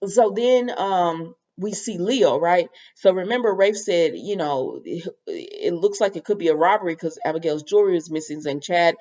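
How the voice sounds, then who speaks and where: A woman's voice: lowish voice, animated, moderate pace, mellow, lo-fi sound. A woman giving a casual, rambling recap of a soap opera episode, with lots of fillers. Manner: chatty, rambling, filler-heavy retelling.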